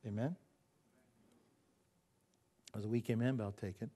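A man's voice: on the low side, steady tone, moderate pace, mellow. A man preaching a sermon as pastor, emphatic, asking the congregation questions and acting out the people in the Bible passage.

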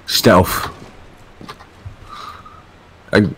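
A man's voice: extremely slow, slight background noise. A young man chatting casually while playing a game with a friend, dry and crude in his jokes. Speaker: co-player. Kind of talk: casual gaming chat.

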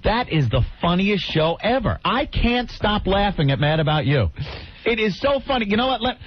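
A man's voice: sits high, very animated, normal speed, husky, dry recording. A young adult man co-hosting a radio show, bantering in a sarcastic, mock-enthusiastic way and laughing often. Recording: slightly dull lo-fi radio recording with faint hiss.

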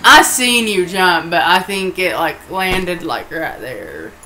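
Slow, bright-voiced sleepy woman swearing. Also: lowish voice, lively intonation, a little hiss or hum, low-quality recording. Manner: profane, rambling storyteller. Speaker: co-commentator. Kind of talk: casual chat.

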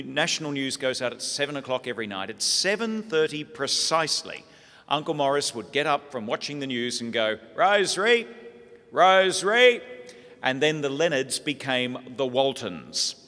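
Give me an Australian priest telling comic stories, with a bright voice echoing through a hall. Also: male voice, mid-range voice. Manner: lively comic storytelling. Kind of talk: humorous sermon storytelling. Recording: echoey hall.

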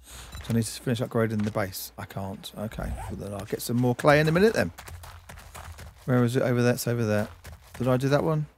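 A man's voice: mid-range voice, brisk, a little mellow, a little hiss or hum. A man streaming a game, giving chatty let's-play commentary and talking to himself and to objects on screen.

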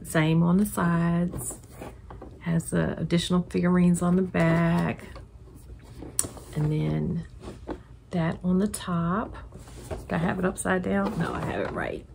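Middle-aged woman, unhurried delivery, for a gushing casual unboxing chat with faint hiss behind. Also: fairly low pitch, vocal fry. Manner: gushing, excitable, repeats her delight. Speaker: collector YouTuber.

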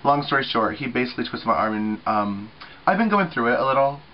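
A man's voice: mid-range voice, lively intonation, fast, lo-fi sound, slight background noise. A man in his thirties chatting casually to camera for a group channel, talking freely with lots of swearing and filler words. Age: 30s. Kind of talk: casual weekly video chat.

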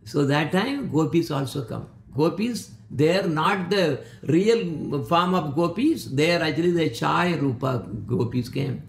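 A man with a high voice delivers a devotional talk in an echoey room. He often repeats words while searching for the next one. Now and then he slows down to chant verses. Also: animated, vocal fry. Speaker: spiritual speaker. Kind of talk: devotional discourse.

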